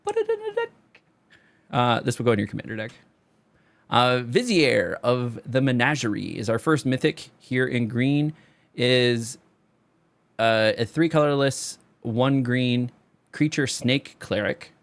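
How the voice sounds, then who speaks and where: A young man rambling casually through card reviews, his voice going hoarse and straining on high notes. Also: measured pace. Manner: loose, rambling, sings a repeated catchphrase. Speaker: card game video creator.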